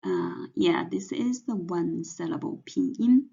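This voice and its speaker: A woman teaching pinyin in a slow lesson, saying each syllable several times over. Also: lowish voice, sing-song, creaky, mellow, breathy edge. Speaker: Chinese teacher. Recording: dull lo-fi sound.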